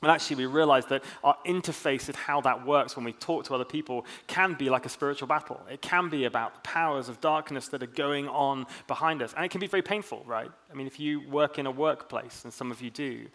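A man's voice: medium pitch, brisk, few pauses, fairly bright tone. A man preaching a sermon in a casual, chatty way, with self-mocking humor. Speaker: pastor.

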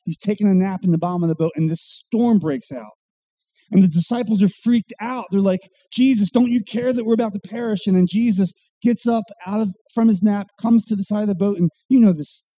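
A man preaching a sermon, acting out quotes with dramatic pauses and a wide swing from loud to hushed. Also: high voice, breathy edge, no echo. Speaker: pastor.

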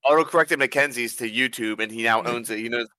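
Young man telling a quick anecdote. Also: mid-range voice, bright, forceful tone, dry recording. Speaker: podcast co-host. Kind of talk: casual storytelling.

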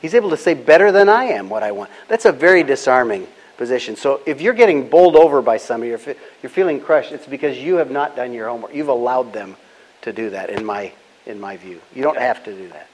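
Older guy, calm and measured, telling business stories in an interview. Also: medium pitch, rough recording. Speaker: guest, business founder. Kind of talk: storytelling interview answers.

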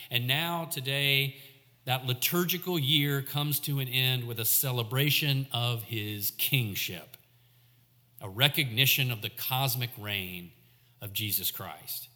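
A man preaching a sermon in a church, measured and reflective, slowing down for emphasis. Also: mid-range voice, pushed and bright, long reverb tail. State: coughing, clearing throat.

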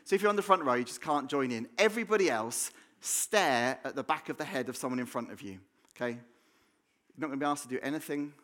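An English man preaches to his church in a loose, conversational way. He jokes, backtracks and repeats words as he thinks aloud, and his voice sits at an ordinary middle pitch. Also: quick pace, fairly bright tone. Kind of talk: sermon. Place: church hall.

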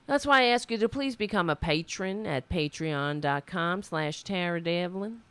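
A woman's voice: fairly low pitch, lively intonation, moderate pace, fairly bright tone, clear, resonant tone. A woman putting on a folksy American Southern accent to ask viewers for support. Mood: wheedling. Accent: put-on American Southern. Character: folksy drawling southern fundraiser voice.

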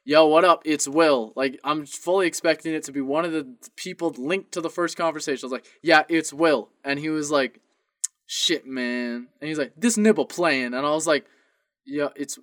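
On a podcast, a young man who co-hosts the show spins a meandering tale of wrong-number calls, voicing both ends of every conversation. He speaks a little fast with a pitch on the high side, fairly even intonation and a slightly bright quality, captured in a dry, studio-quality recording.

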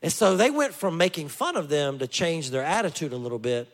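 A man preaching a sermon as pastor, telling stories with lively joking asides. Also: a little high, a little fast.

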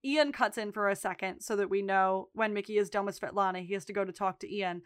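A woman's voice: medium pitch, steady tone, fast talker, smooth, no room sound, clean studio sound. A woman co-hosting a podcast, recapping a TV episode in casual chat, emphatic and laughing often, swearing freely. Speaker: podcast co-host.

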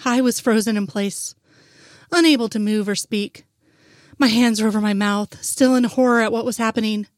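A woman's voice: a little high, steady tone, moderate pace, no echo, studio quality. A woman reading a fanfic aloud in first-person narration, with an earnest, emotional delivery.

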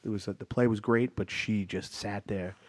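A man hosting a casual chat, an animated storyteller who laughs often. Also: lowish voice, normal speed, no echo.

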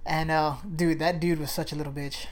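A woman's voice: low-pitched, level tone, a little fast. A woman and army veteran telling blunt, exasperated stories in casual talk, swearing freely. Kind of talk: casual profane storytelling.

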